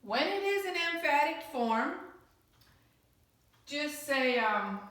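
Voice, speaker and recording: A woman teacher giving a recorded grammar lesson, slow and patient, explaining with repeated examples. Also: sits high, very animated, a bit bright. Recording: very echoey room.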